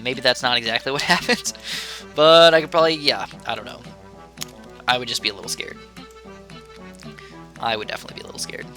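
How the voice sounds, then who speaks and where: A man's voice: a little high, sharp tone. A young man giving casual, chatty commentary over his strategy game, wandering into rambling asides. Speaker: gaming YouTuber.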